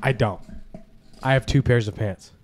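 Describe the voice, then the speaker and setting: A man's voice: medium pitch, normal speed. A man co-hosting a podcast, tossing out joking asides in casual chat. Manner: lively, joking, deadpan asides. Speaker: podcast co-host.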